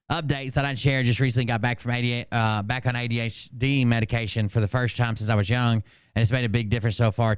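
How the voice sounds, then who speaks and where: A man's voice: mid-range voice, clean tone, no room sound, studio quality. A man streaming casual commentary, reading quotes aloud with sarcastic asides and plenty of filler words. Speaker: streamer reacting to clips.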